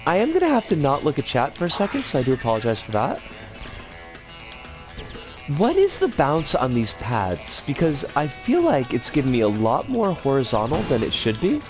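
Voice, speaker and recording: Wildly animated woman streamer. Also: very deep voice, moderate pace, over music. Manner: chatty, rambling, bursts into frustrated outbursts. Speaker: game streamer. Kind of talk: casual live-stream commentary while playing.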